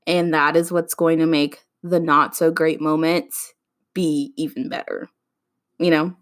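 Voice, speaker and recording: A woman's voice: deep voice, steady tone, a little slow. Chatty young woman ranting on a podcast. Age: 20s. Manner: chatty, ranting, addresses listeners as y'all. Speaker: podcast host. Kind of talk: casual solo podcast monologue.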